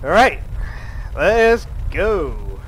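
A young man giving giggly, excitable gameplay commentary, swearing often. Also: high voice, very slow, noisy background. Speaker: let's play gamer.

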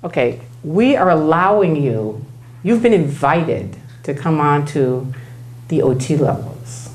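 A woman acting out a pushy, flattering female recruiter who coaxes someone in a talk. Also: deep voice, slow, pitched below the performer's own voice. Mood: coaxing flattery. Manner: coaxing, flattering.

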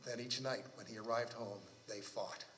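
A man reading his own novel aloud at a library book talk, in a measured storytelling cadence. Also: medium pitch, steady tone, fairly bright tone.

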